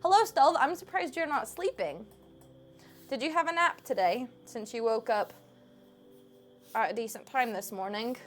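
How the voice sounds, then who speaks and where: A woman's voice: a little high, lively intonation, moderate pace, long pauses, fairly bright tone. Woman streamer, casual teasing chat from home on a desk mic, faint music underneath. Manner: playful, teasing, laughs often. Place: home room. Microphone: desk microphone.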